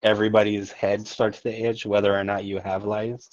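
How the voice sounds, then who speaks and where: A man's voice: on the low side, level tone, normal speed, darkish tone, dry recording. A man who is a guest on a casual podcast, talking in a laid-back, offhand way. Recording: dull, dry sound.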